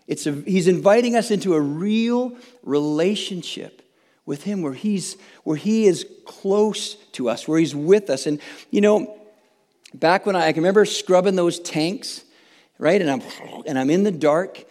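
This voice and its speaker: In a big hall whose long reverb trails every word, a man preaches as pastor in a high-sitting, darkish, unhurried voice. His sermon is sincere and chatty, with frequent restarts and tag questions.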